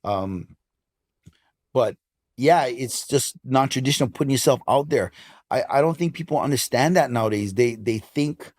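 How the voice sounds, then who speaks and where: A man's voice: medium pitch, normal speed. A man in his fifties from Hawaii with a Hawaiian English accent, telling stories emphatically as a guest in a casual interview. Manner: animated storyteller, lively and emphatic. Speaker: guest, DJ and club promoter.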